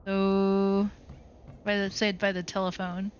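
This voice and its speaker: A playful woman plays through a game, reading its text aloud and laughing at her own moves. Her voice is bright and pointed. The recording is somewhat dull and lo-fi. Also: medium pitch, measured pace, slight background noise. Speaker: let's-play host. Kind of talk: game playthrough with read-aloud narration. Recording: dull lo-fi sound.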